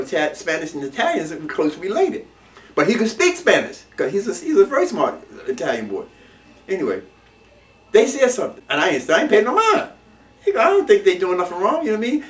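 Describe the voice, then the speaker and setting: Middle-aged man, rapid and animated storyteller, street slang, recorded off-mic in an echoey room. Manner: swings between low muttering and loud emphatic outbursts, street slang. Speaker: interviewee recounting his past. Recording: roomy echo, mic at a distance.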